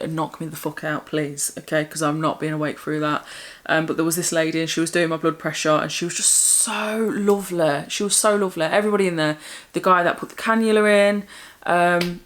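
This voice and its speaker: Chatty, candid English woman vlogger. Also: lowish voice. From England. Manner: chatty, rambling, warm and candid. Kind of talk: casual chat.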